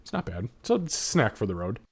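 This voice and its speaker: A man with a fairly low voice narrates a tabletop game as game master. His delivery is loose and casual, full of "uh"s and "kinda"s. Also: sing-song, brisk, vocal fry, husky. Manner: casual, filler-heavy narration.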